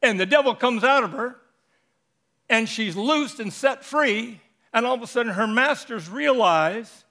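A man with a high voice preaches a sermon with animated energy. He keeps asking the congregation rhetorical questions and swings between loud emphasis and quieter storytelling. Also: measured pace.

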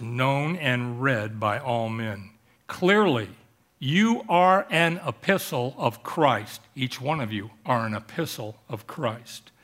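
A male pastor preaching a sermon in church, telling stories and jokes and slowing down on emphatic phrases. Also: mid-range voice, a bit bright. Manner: joking, storytelling preacher with emphatic slowed phrases. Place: church service.

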